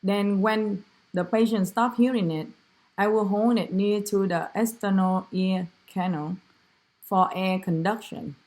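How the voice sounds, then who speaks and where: A woman whose first language is Vietnamese walks through a clinical exam, speaking slowly and carefully. She halts often, restarts her phrases, and fills pauses with ums and uhs. Her pitch sits in an ordinary middle range. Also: steady tone, darkish tone. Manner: halting, many fillers and self-corrections, non-native English grammar. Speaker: student demonstrating a physical exam. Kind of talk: narrated clinical skills demonstration.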